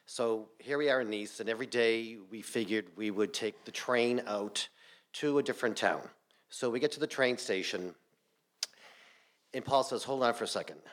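A man spins a comic tale on a theater stage before a live audience. He is animated and salty, breaking into laughter as he goes. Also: mid-range voice, moderate pace. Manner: animated, salty, laughs through his lines. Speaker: storyteller. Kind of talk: live storytelling.

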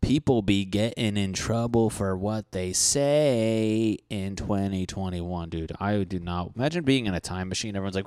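A man's voice: fairly low pitch, normal speed, a little mellow, smooth, no echo. A man in his thirties in casual comedic chat, rambling and swearing, often acting out mock dialogue.

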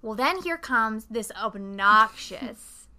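A woman's voice: a little high, slow pace. A young woman co-hosting a podcast, chatting casually and rambling as she recaps a film, swearing and acting out quotes. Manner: rambling, animated, profane, acts out quotes. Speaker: podcast co-host.

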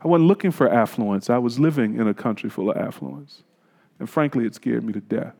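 A pastor preaching a sermon, telling a personal story in a conversational, reflective way. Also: male voice, medium pitch, brisk, creaky, a little mellow, big-room sound.

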